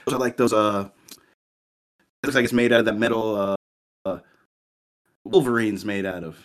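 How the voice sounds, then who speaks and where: A man's voice: on the low side, steady tone, normal speed. A man co-hosting a podcast, telling a rambling anecdote in casual chat with lots of fillers. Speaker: podcast co-host.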